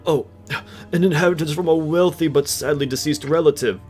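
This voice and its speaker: A man's voice: a little high, fairly quick, darkish tone, faint music behind, voice pushed up, lightly acted. A man voicing a nervous, fawning male village burgomaster who makes excuses to his lord. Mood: pleading. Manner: pleading, excuse-making.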